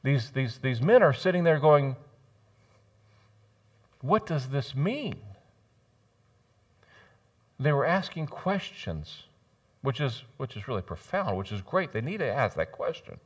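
Animated man preaching a sermon. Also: mid-range voice, normal speed. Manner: animated, jokey preaching with sudden loud rises and soft drops. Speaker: pastor. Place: church sanctuary.

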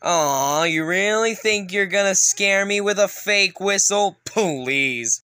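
A voice actor playing a brash, sarcastic talking train engine in a fan animation, swearing and shouting insults. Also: medium pitch, slow pace, no room sound, clean studio sound. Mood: mocking. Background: loud music.

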